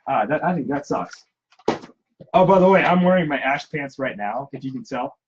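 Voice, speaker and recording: A man's voice: mid-range voice, animated, normal speed, lo-fi sound, noisy background. A man who makes props and cosplays, chatting casually and in a self-deprecating way. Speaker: cosplayer and prop maker. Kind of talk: casual chat.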